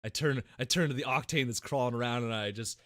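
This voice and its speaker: A man's voice: medium pitch, fast, a bit bright, dry recording, clean studio sound. A young man co-hosting a podcast, telling a gaming story with a lot of swearing and acting out voices and gunfire. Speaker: podcast co-host. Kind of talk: casual gaming story chat.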